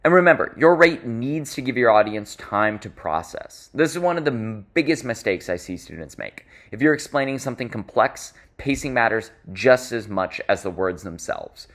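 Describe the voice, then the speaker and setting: A man's voice: mid-range voice, moderate pace, few pauses. A man teaching public speaking in an instructional talk, stressing key words and shifting his pace and volume to make his points. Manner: expressive, varies pace and volume for emphasis.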